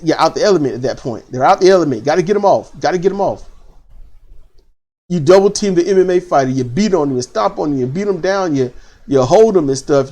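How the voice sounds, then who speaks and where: A man hosting a casual wrestling commentary, animated and opinionated, repeating phrases for emphasis. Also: fairly high pitch. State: choked up.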